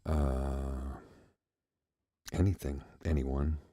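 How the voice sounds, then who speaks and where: Man, extremely low voice, dark and mellow, soft ASMR chat, reflective, halting. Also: flat delivery, no room sound, clean studio sound. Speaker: host.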